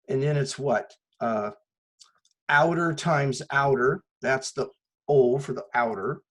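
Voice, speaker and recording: Poor audio captures a man's math lecture, his voice mid-range and slightly rough. He explains patiently, one step at a time, often asking a rhetorical question before answering it.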